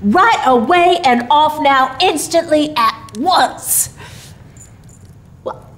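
A brisk, obliging old Santa Claus, as a woman storyteller puts him on, eager and emphatic. The voice stays fairly high for an old man and lands each promise with hurried firmness in a storybook reading. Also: expressive, fairly bright tone, exaggerated voice.

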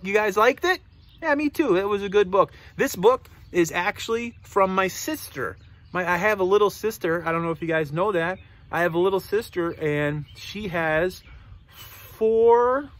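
A man reading a picture book aloud to children, stopping to ask them questions. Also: high-pitched. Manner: animated, asks listeners questions. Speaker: storybook reader.

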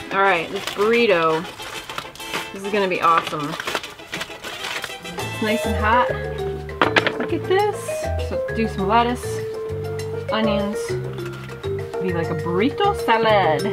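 Woman, casual vlogger at a woodland tent camp, unhurried and chatty, fond with her dog, clear music bed. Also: medium pitch, poor audio. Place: off-grid wall tent camp in the woods. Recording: background music over the voice.

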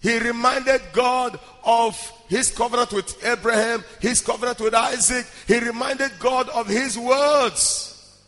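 A male preacher delivering a fervent sermon, often shouting and chanting phrases rhythmically. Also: very high-pitched, fairly even intonation, a little slow, long reverb tail, faint music behind.

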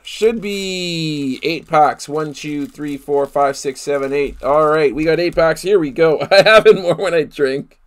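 A man's voice: fairly high pitch, steady tone, moderate pace. A man from Canada hosting a live card break, chatting casually with viewers, laughing often and thinking aloud with fillers.

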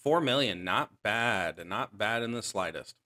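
A man with a fairly low voice and a bright, forceful edge talks through a match in casual gameplay commentary. He explains his strategy step by step and often stops to correct himself. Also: animated, a little slow. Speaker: gaming channel host.

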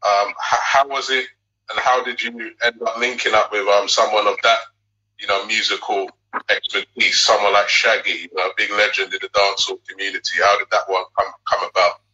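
A man hosting a music show, asking long questions in a halting way with many fillers. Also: on the low side, flat delivery, pushed and bright, muffled recording. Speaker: show host. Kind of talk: interview questions.

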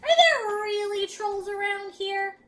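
A woman's voice: extremely high pitch, lively intonation, slow pace, a bit bright, pitched above the performer's own voice, exaggerated voice. A woman voicing a young boy who grumbles about his baby sister and later gets brave. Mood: whiny, excited. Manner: whiny, exclaiming.

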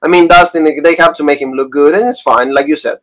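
A male host with a somewhat raised pitch steers the conversation, summing up and moving things to the next segment. He talks in a relaxed, casual way. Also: quick pace, poor audio. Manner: leads segments and sums up. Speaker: wrestling show host. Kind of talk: casual chat.

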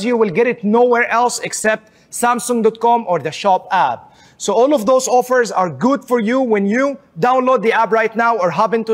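A man giving an upbeat promotional pitch for online store deals, repeating words for emphasis. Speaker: sales presenter.

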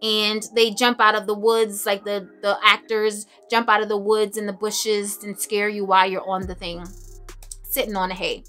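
Young woman vlogging about perfume, bright n expressive, laughs a lot, bit of music under it. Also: medium pitch, normal speed. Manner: chatty, expressive, laughs often, dramatic asides. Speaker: beauty and fragrance vlogger. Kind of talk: casual chat to camera.

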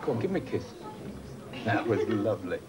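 A man's voice: lowish voice, very animated, fairly quick, over loud music. A man presenting a children's TV show, coaxing and cheering children in a playful, cheerful way, in a noisy TV recording. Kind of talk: lively talk to children.

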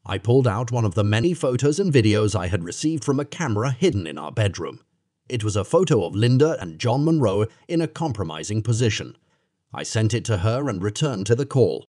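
A man's voice: fairly low pitch, big pitch swings, brisk, warm tone, no echo, studio quality. A man narrating a first-person story in a scripted way, speaking as a bitter, accusing husband.

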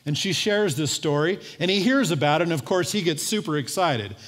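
A man preaching a sermon in a church, his voice a bit higher than most men's. He tells the story with life, slipping into the voices of its people. A long reverb from the hall trails every phrase. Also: fairly quick. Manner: lively storytelling with acted-out voices. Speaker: pastor. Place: church sanctuary.

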